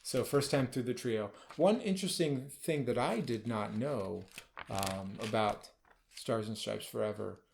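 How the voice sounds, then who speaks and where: Slow-talking man directing a band rehearsal. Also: on the low side, gravelly, a little mellow, a little hiss or hum. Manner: calls out cues and dynamics, then explains between passages. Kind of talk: rehearsal instruction over a recording. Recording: music playing underneath. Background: band music playing.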